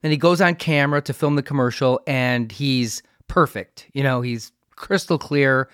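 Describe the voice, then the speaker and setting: A man's voice: mid-range voice, moderate pace, fairly bright tone, clear, resonant tone, no echo. Chatty male podcast host, dry mic. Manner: chatty, laughs along, shares own stories. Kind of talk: casual interview chat.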